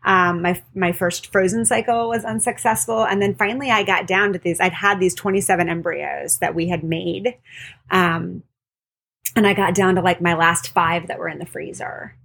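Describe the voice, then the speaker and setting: A woman's voice: on the low side, fairly even intonation, moderate pace, vocal fry, a bit bright, breathy edge. A woman midwife and podcast co-host candidly telling a personal story in casual conversation. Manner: candid, storytelling with quoted voices.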